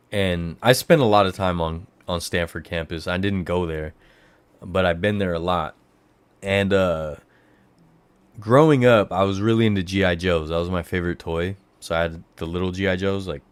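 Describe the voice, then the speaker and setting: A man from the Bay Area of California hosting a livestream, chatting casually and rambling, his voice jumping up high when he gets excited. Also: moderate pace, long pauses, smooth, no room sound. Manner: rambling storyteller who jumps to high excited exclamations. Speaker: livestream host.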